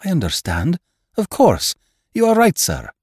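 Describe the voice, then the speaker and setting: A man's voice: lowish voice, lively intonation, normal speed, a little mellow, no echo, studio quality, voice pushed up. A man voicing an earnest, eager young man in an audiobook reading. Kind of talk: audiobook character voice.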